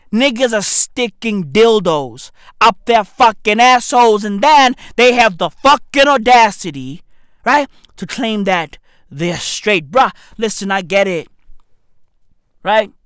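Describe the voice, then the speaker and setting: A man's voice: sits high, no room sound, clean studio sound. Brash, profane man ranting animatedly. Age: 30s. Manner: brash, profane, bursts of shouting. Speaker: vlogger. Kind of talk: comedic rant to camera.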